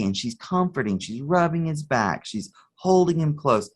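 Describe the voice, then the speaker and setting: A man's voice: on the high side, animated, normal speed, few pauses. A man, a therapist guest on a podcast, explaining with a story and clinical terms. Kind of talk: podcast interview.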